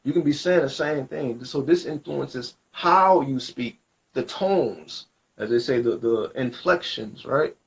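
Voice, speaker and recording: A man gives a spiritual reading at a middle pitch, talking in loose, rambling and slangy explanations. The recording sounds dull and lo-fi. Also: unhurried, creaky. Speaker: spiritual reader. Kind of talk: casual spoken reading.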